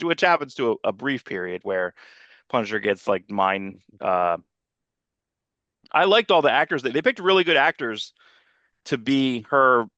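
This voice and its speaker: A man's voice: medium pitch, bright, forceful tone, no room sound. Rambling man, dry lo-fi podcast mic. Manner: rambling, restarts and trails off mid-sentence. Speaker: podcast co-host. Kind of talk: casual chat reviewing a movie.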